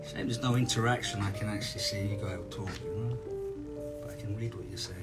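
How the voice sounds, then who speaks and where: A man from Scotland with a Scottish accent, telling stories in a relaxed, casual chat as a guest on a live signing stream, often restarting his sentences. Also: fairly low pitch, fast, loud music behind the voice. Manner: relaxed storyteller, trailing restarts. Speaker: celebrity guest.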